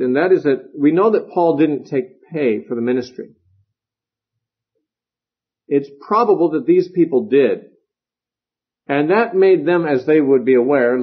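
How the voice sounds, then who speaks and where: A man's voice: medium pitch, breathy edge. A man teaching a Bible lecture in a conversational way, with fillers and asides. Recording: dull, lo-fi lecture recording.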